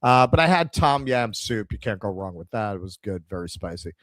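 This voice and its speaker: A man's voice: on the low side, a little fast, dry recording. New York man telling stories. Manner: storytelling, animated, swearing, quotes others in dialogue. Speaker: podcast co-host. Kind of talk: casual chat.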